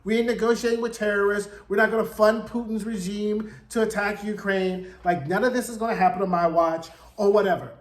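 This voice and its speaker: A man's voice: high-pitched, fairly even intonation, brisk, hardly any pauses, close to an everyday voice. Man quoting a blunt, defiant woman board chair. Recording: roomy echo.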